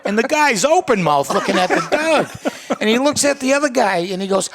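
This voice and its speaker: A man's voice: very high voice, expressive, a little fast, fairly bright tone. A man with a Boston accent co-hosting a podcast, telling a long joke and acting out its dialogue while he laughs. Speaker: podcast co-host. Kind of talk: telling a joke in casual chat.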